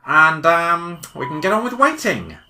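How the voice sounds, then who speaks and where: A woman acts out an excitable male weasel doctor who travels through time, in a homemade audio drama. His voice is bright and sharp and leaps wildly through its range as he declaims grandly and sulks when bored. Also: fairly low pitch, unhurried, a little hiss or hum, full character voice. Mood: excited. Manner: theatrical, bossy, easily bored. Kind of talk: hobby audio drama acting.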